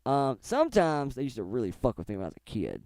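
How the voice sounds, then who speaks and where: A man cohosting a casual stream chat, telling loud, profane stories and dropping into high mocking voices. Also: wildly swooping pitch, fast talker, no room sound. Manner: loud, swearing storyteller who jumps into high mocking voices. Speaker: stream co-host.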